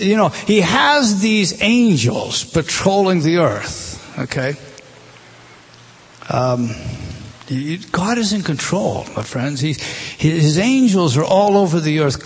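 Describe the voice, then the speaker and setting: A man's voice: high-pitched, slightly rough. A middle-aged man preaching a conversational Bible-teaching sermon, asking his listeners rhetorical questions and reading scripture aloud with feeling.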